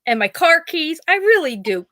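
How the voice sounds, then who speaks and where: A woman's voice: very high-pitched, big pitch swings, moderate pace, bright, forceful tone. A woman hosting a podcast with a Pennsylvania accent, telling rambling family stories in casual chat and acting out what her relatives said. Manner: rambling storytelling, acts out quoted family members. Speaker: podcast host.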